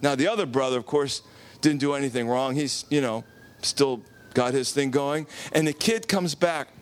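A man's voice: medium pitch, normal speed. A man preaching a casual Sunday-night sermon, telling a story with acted-out quotes and questions to the congregation. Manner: animated, acts out quotes, asks the congregation questions. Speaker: pastor. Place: church.

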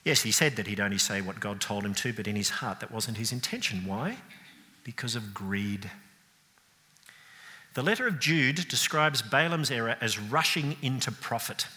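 Animated male preacher in a reverberant church. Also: mid-range voice, moderate pace. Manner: animated storytelling, acting out scenes with sound effects and mock voices. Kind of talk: sermon. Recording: long reverb of a church hall.

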